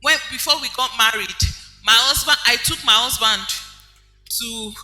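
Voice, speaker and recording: A woman's voice: a little high, normal speed, sharp tone. A woman preaching a sermon, telling personal stories in a conversational way. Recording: echoey hall with faint music.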